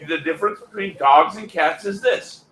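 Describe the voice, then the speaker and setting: A man's voice: high voice, moderate pace, a bit bright, echoey room, rough recording. A man on a call-in show who gets worked up, interrupts, and insists on finishing his point. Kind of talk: casual call-in show chat.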